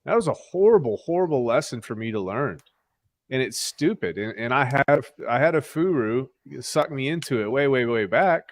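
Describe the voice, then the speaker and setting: A man's voice: mid-range voice, normal speed, dry recording. Guy hosting a chill podcast, open and fired up, keeps restarting sentences, dry close sound. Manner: candid, animated, restarts often. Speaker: podcast host. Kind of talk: casual crypto podcast chat.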